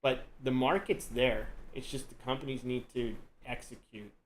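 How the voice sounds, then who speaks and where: A man hosting a live stream and chatting casually, relaxed and rambling, with lots of "you know" and "dude". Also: mid-range voice, normal speed, slight background noise, poor audio. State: yawning, tired. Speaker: host.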